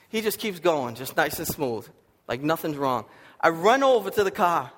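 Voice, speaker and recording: A man preaching a sermon, telling a story with lively swings from loud to hushed, a little sniffly from allergies. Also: high voice. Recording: long hall reverb.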